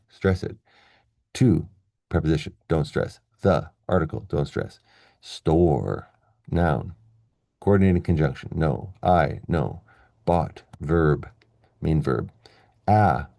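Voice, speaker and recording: A man's voice: rumbling low, creaky, dark tone, no echo, clean studio sound. A man teaching English pronunciation, patiently explaining a lesson and spelling out each word in turn.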